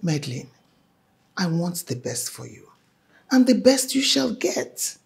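A stern, wealthy mother in a film drama, lecturing with formal, clipped authority. Her husky voice swings widely in pitch as she presses her point. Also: sing-song, measured pace, full character voice. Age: middle-aged. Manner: firm, lecturing, formal wording. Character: stern wealthy middle-aged mother, domineering.

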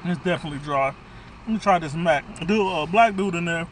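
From his car, a man does a casual food review vlog, ranting about the food bluntly and profanely. His voice is fairly high and brisk, with slight background noise.

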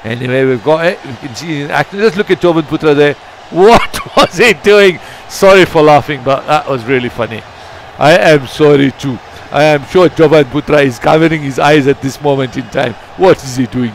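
A man giving chatty amateur football commentary, often laughing at the play and breaking into excited shouts during attacks. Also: a little high, a little fast, slight background noise.

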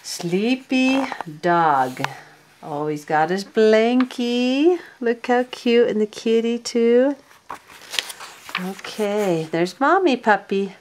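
Older woman, grandma, reading a picture book aloud, gentle and coaxing, sing-song, leisurely. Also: on the high side, lively intonation, slow pace, slight background noise. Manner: gentle, coaxing, asks the child questions.

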